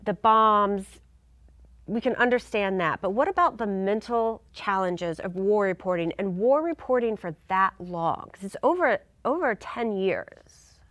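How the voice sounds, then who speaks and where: A woman's voice: medium pitch, lively intonation, unhurried, a bit bright, no echo. A woman interviewing a guest, asking friendly follow-up questions. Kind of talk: conversational interview.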